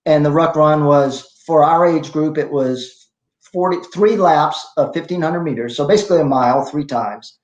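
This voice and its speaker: A man's voice: on the high side, normal speed, roomy sound, highs cut off. A man in his sixties, a masters fitness athlete, telling stories in a casual interview with a rambling, self-deprecating manner. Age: 60s. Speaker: masters CrossFit athlete guest.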